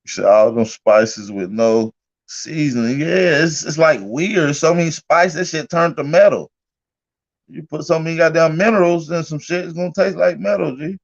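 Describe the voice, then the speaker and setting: A man's voice: a little high, moderate pace, gravelly. Profane laughing man, muffled stream audio. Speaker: livestream host. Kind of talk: casual livestream rant.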